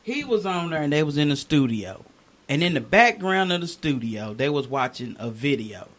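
A man co-hosting a casual chat show, animated, with loud slangy outbursts and exclamations. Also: on the high side, normal speed. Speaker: podcast co-host.

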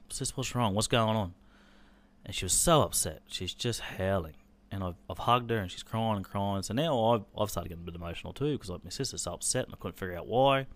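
A man, telling a painful personal story on a podcast in a halting, sombre way, with swearing. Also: sits low. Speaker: podcast host.

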